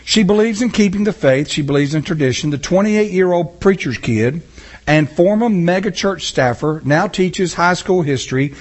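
A man's voice: sits high, expressive, moderate pace. A man preaching a sermon as pastor in his church, impassioned and talking back and forth with his congregation.

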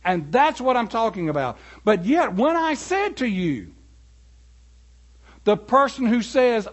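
A man preaching a sermon, animated and building to emphatic peaks. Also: very high voice, normal speed.

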